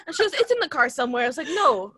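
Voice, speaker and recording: A woman's voice: high voice, very animated, very fast, sharp tone, dry recording, studio quality. A young woman chiming into a shared story in casual chat, giggly. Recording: noisy casual recording.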